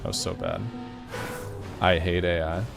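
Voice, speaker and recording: Deep-voiced man streaming a racing game. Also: level tone, unhurried, creaky. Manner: chatty, rambling, talks to chat. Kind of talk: casual live-stream chat while gaming. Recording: game music loud behind voice. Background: game music and car sounds.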